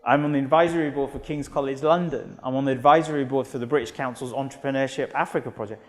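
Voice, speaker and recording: A man's voice: mid-range voice, fast, faint music behind. British man speaking in an echoing hall. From United Kingdom. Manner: energetic storytelling with acted quotes. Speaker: motivational speaker. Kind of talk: motivational keynote talk. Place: large auditorium. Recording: long hall reverb.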